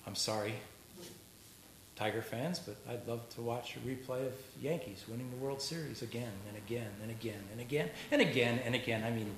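In a church sanctuary, a male pastor preaches a sermon conversationally, tossing joking asides to the congregation. He speaks briskly at medium pitch, and the recording is echoey with faint noise.

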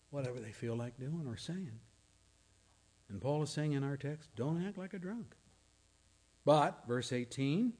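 A man's voice: medium pitch, mellow. A male pastor preaching a sermon, earnest and questioning, sometimes dropping to a near-whisper for emphasis.

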